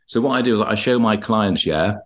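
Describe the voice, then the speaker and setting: A man with a fairly low voice, talking as a hypnotherapist on a podcast. He rambles through anecdotes about his clients and slips into their voices and his own replies as he retells each session. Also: a little fast. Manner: rambling, acts out dialogue when retelling sessions. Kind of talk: podcast interview, anecdotal storytelling.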